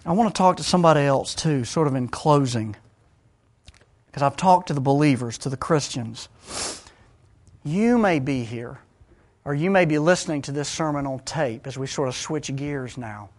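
A man preaching a sermon, swinging dramatically between hushed, low passages and loud ones. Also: lively intonation, moderate pace.

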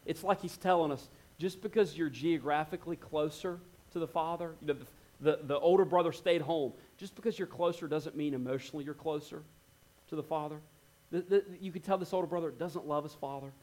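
A man's voice: on the high side, brisk. A male pastor preaching a sermon, reading scripture and acting out the characters' lines with shifting tone. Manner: expressive, acts out quoted lines with shifting tone.

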